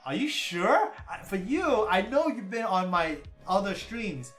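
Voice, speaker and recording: A man hosts a relaxed livestream, reading viewer comments aloud and thanking people by name, laughing often as he goes. His voice sits in a roomy space with faint music playing underneath. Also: high-pitched, a little slow. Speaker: livestream host. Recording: roomy with stream music behind.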